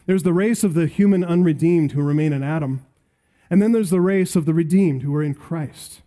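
A man preaching an expository sermon, emphatic, slowing down to stress key phrases and building to punchy lines. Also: on the high side, dark tone. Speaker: pastor.

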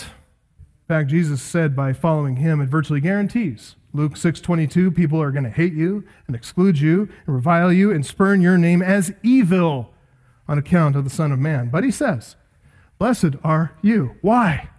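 A man's voice: a little high, normal speed, darkish tone. A man preaching an expository sermon, building emphatic lists of phrases with rising intensity.

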